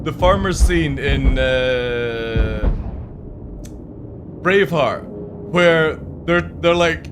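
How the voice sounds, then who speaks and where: A man's voice: medium pitch, very slow, pauses often, music in the background. Chatty English man streaming a game. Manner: rambling, chatty, swears freely, talks to chat. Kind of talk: casual live-stream chat.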